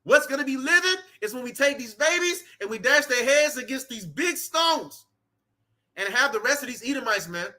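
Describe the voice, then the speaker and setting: Man, street preacher, very high-pitched, piercingly bright, fervent outdoor sermon, repetitive asides. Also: animated, moderate pace. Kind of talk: impassioned sermon with scripture reading. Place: outdoors in cold weather.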